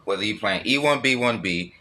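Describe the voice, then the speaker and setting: A man holding forth alone in a bright, forceful voice. He talks bluntly and profanely, looping back to repeat his points as he goes. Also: fairly low pitch, animated, fairly quick. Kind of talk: solo ranting monologue.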